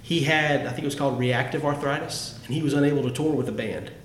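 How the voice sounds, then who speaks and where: Talking fast at medium pitch with a steady tone, a man hosts a podcast and enthusiastically chats about the songs he loves. He keeps restarting his sentences. The recording has room echo and a bit of background noise.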